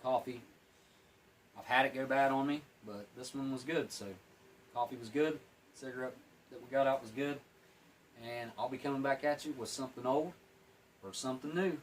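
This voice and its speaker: A man's voice: medium pitch, normal speed, long pauses, slight background noise, poor audio. A plain-spoken man giving a casual, rambling food review while eating and smoking, sometimes talking with his mouth full. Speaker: MRE reviewer.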